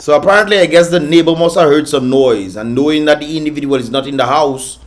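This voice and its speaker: A man's voice: fairly high pitch, fast talker. A man hosting a casual reaction vlog, chatty and laughing often, with Caribbean creole phrasing. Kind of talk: casual commentary on viral videos.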